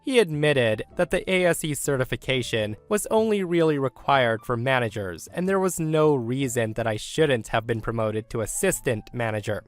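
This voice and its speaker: A man narrating a reader-submitted workplace story in the first person, as scripted narration. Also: mid-range voice. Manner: lively first-person retelling.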